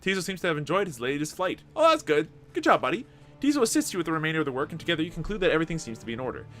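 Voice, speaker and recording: A man hosting a gameplay video, reading the game's text aloud and commenting with excitement. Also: fairly high pitch, very fast. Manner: animated, reads dialogue aloud with excitement.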